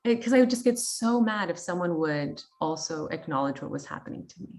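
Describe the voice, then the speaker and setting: Speaking fairly quickly in an expressive, somewhat mellow voice on the low side, a thirtysomething guest from Canada shares something personal. She's candid and chatty, using many fillers and voicing her thoughts as quotes.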